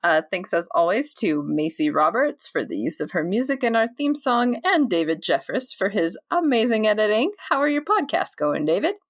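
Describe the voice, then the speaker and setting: A woman's voice: mid-range voice, big pitch swings, normal speed, few pauses. A woman hosting a casual podcast, laughing and reading sponsor plugs. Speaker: podcast host.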